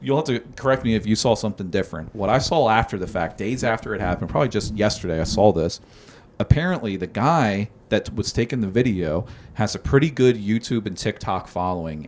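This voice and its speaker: Low-voiced chatty, swearing man. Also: a little mellow. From South Jersey. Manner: chatty, profane recounting. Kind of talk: casual podcast banter.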